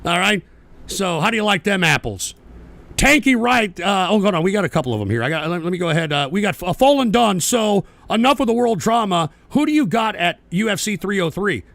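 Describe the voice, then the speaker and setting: High, gravelly, foul-mouthed ranting host. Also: male voice, lively intonation, a little fast, a bit bright, no echo. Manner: profane, combative, ranting. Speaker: livestream radio host. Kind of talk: live-stream rant reading chat.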